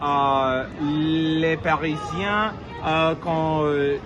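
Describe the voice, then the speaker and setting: A man with a Quebecois French accent, speaking haltingly and searching for words with many filler sounds. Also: on the high side, fairly even intonation, highs cut off. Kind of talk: halting casual chat in French. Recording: noisy crowd around.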